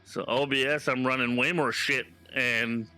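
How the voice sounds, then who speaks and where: A man from Canada streaming games, chatting casually and telling stories in an animated, profane way. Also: mid-range voice, moderate pace, clean tone. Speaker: game streamer. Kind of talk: casual live-stream chat.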